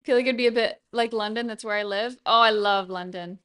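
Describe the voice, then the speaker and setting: A woman's voice: a little high, fairly even intonation, a little fast, fairly bright tone, clear, resonant tone. A young woman from New York State chatting casually with viewers on a live stream while she paints, laughing often and muttering to herself. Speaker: livestreamer.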